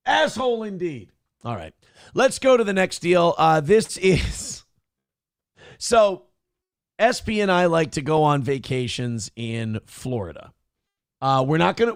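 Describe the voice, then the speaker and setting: A man's voice: a little high, gravelly, no echo, clean studio sound. A man hosting a morning show, talking in a crude, profane and mocking way as casual opinionated chat.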